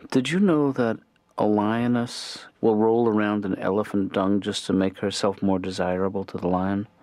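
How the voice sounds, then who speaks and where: A man voicing a soft-spoken therapist in a cartoon, talking calmly in a deadpan way. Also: on the low side, moderate pace, no room sound, lightly acted. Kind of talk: cartoon dialogue.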